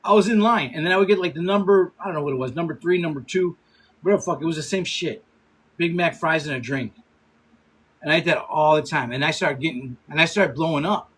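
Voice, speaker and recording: A man in his fifties hosting a casual livestream. He laughs often, swears freely and gives quick shout-outs to viewers. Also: a little high, slight background noise, poor audio. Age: 50s. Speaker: livestream host.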